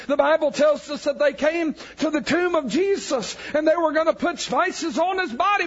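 Man, preacher, evangelical sermon, fervent, shouted emphasis, dull lo-fi recording. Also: very high-pitched, normal speed, few pauses. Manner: fervent, builds to shouted emphasis on key lines.

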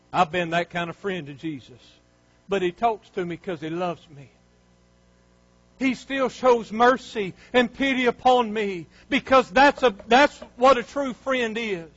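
Male pastor, high voice, fervent sermon, dry muffled recording. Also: dry recording. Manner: fervent, rising to near shouts and dropping low.

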